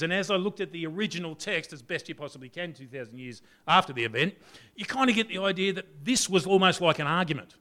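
A man preaching a conversational sermon, leaning on rhetorical questions and swinging between loud and soft. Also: fairly high pitch, animated, fast talker.

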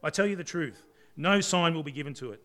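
A man preaching a conversational sermon, leaning on rhetorical questions and swinging between loud and soft. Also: a little high, fast talker.

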